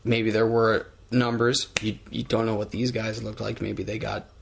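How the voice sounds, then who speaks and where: A man co-hosting a podcast in casual chat, talking in a measured, hedging way. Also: on the low side, flat delivery, vocal fry, husky. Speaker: podcast co-host.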